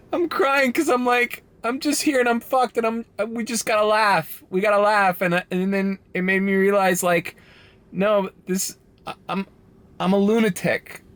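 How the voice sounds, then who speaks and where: A man talks to the camera from the driver's seat of his car, rambling between stories and cursing freely. His voice sits a little high, and he laughs often as he talks. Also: a bit bright. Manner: swears casually, rambling, laughs a lot. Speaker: rideshare driver vlogger. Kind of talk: casual vlog while driving. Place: inside a car.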